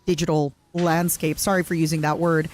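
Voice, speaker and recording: A woman streamer chatting casually on a collab stream, talking in quick runs full of fillers and eager agreement. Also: deep voice, flat delivery. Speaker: streamer host.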